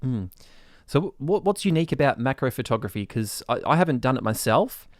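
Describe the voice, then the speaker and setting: A man's voice: mid-range voice, big pitch swings, a little fast, no echo, clean studio sound. A male podcast host who chats casually and hesitantly, with frequent fillers. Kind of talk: casual chat.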